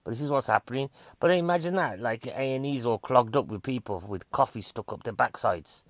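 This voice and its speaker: Excitable, rambling Northern English male comic. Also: medium pitch, a little fast, dry recording. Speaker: stand-up comedian. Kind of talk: rambling stand-up monologue. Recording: dry, slightly dull sound.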